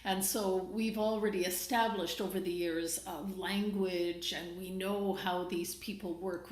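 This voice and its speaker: Canadian woman in an echoey room. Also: medium pitch. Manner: thoughtful, explains at length with many fillers. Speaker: stage director. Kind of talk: interview answers.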